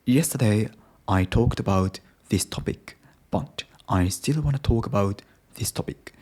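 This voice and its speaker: A man's voice: on the low side, unhurried, darkish tone. A young Japanese man with a Japanese accent, speaking English hesitantly with many restarts in a casual video diary. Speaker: English learner vlogger.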